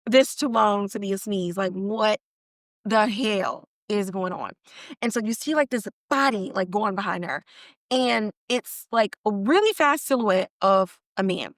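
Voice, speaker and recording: A woman's voice: medium pitch, a little slow, dry recording, studio quality. A woman hosting a podcast and recapping a TV episode in casual, slangy storytelling that is full of animation and laughter. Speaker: podcast host.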